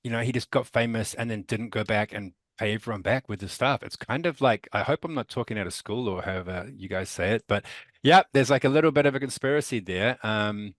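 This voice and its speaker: A man's voice: lowish voice, a little fast, no room sound, studio quality. A man in his thirties with a New Zealand accent, chatting casually as a podcast guest, rambling and laid-back with casual swearing. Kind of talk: casual chat.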